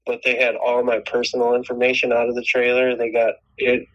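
A man's voice: medium pitch, monotone, a little fast, fairly bright tone, muffled recording. A man telling a long personal story in casual chat, rambling and swearing, with many restarts. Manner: rambling, profane, frequent restarts.

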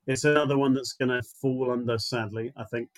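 Quick-talking wry man. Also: medium pitch, steady tone, dry recording. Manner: wry, teasing. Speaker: podcast co-host. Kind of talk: casual chat.

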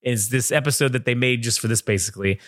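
A man's voice: mid-range voice, fast talker, a bit bright, dry recording, studio quality. A man co-hosting a casual podcast, telling a long rambling story full of swearing and acted-out quotes. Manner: profane, rambling, acts out quotes in funny voices. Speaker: podcast co-host.

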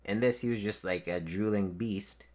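Low-voiced man in relaxed film chat. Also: moderate pace. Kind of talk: casual movie review chat.

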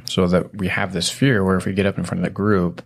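Deep-voiced man hosting a casual podcast. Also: little pitch movement, a little fast, gravelly. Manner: rambling, teasing, heavy "you know" fillers. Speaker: podcast host. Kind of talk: casual conversational explaining.

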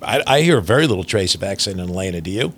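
A man's voice: low-pitched, big pitch swings, very fast, breathy edge. A man from New Jersey with a faint New Jersey accent, co-hosting a podcast and telling stories in casual chat. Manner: talkative, storytelling, jokey. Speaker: podcast co-host. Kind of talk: casual conversation.

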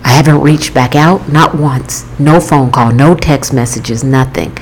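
A woman's voice: rumbling low, measured pace, slight background noise, poor audio. A woman author telling an emotional personal story to her viewers, earnest and repetitive as she talks it through. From Florida.

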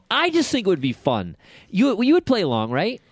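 A man's voice: high-pitched, huge pitch swings, moderate pace, no room sound. A man hosting a podcast, talking in a casual, rambling, joking way. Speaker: podcast host.

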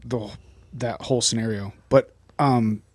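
A man hosting an interview who reacts in a relaxed, thinking-aloud way with many fillers. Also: medium pitch, measured pace, dry recording. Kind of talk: casual interview chat.

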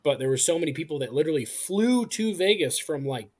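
A man co-hosting a podcast, telling an awkward story in casual, animated chat full of "like". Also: on the high side, quick pace, a crowd in the background. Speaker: podcast co-host.

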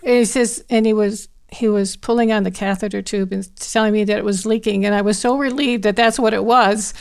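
A woman's voice: medium pitch, fairly even intonation, a little fast, vocal fry, clear, resonant tone. A woman with a medium voice who co-hosts a podcast, speaking earnestly and laughing as she tells stories. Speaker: podcast co-host. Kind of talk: casual podcast conversation.

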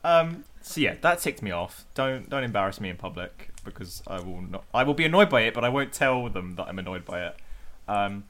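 A man's voice: on the low side, animated, brisk, a bit bright. A man, co-hosting a podcast, ranting animatedly in casual chat with mild swearing. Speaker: podcast co-host.

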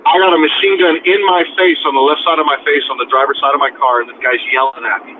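Young man, casual yarn-spinner, animated and profane, mimics voices; phone-quality audio with light background noise. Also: on the high side, fast, few pauses. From near the US-Mexico border. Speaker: guest telling a story. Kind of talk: casual storytelling chat. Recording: tinny phone-like sound, faint noise.

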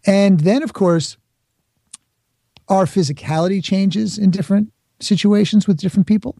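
A middle-aged man from the Bronx, New York, is a guest in a conversational podcast interview, speaking in a high, steady, warm voice with vocal fry at normal speed. He's reflective, explaining with examples and acted-out asides, recorded cleanly in a studio with no room sound.

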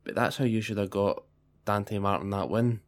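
A man's voice: on the low side, moderate pace. A young man co-hosting a podcast, chatting casually and swearing freely. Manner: profane, chatty banter. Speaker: podcast co-host.

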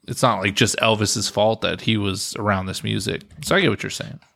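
A man's voice: on the low side, fairly even intonation, brisk, vocal fry, a bit bright. A man hosting a film review chat, easygoing, sometimes reading notes aloud.

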